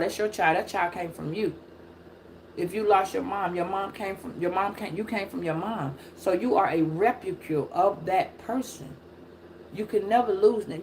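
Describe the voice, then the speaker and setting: A middle-aged woman giving a casual live-stream tarot reading, preachy and profane, with loud emphatic bursts. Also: medium pitch, slight background noise. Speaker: tarot reader.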